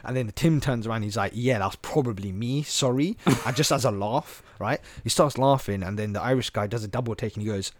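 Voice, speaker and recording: A man telling travel stories on a podcast, animated and slangy, full of "bro" and "like". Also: lowish voice, fast talker, hardly any pauses, no room sound. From England. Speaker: podcast host. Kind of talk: casual storytelling chat.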